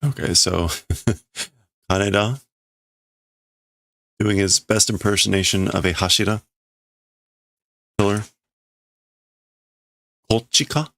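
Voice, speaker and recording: A man's voice: deep voice, fairly even intonation, slow, pauses often, no echo, studio quality. A man hosting a casual livestream, thinking aloud as he reads and translates a manga. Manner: musing, thinking aloud, laughs softly. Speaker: livestream host.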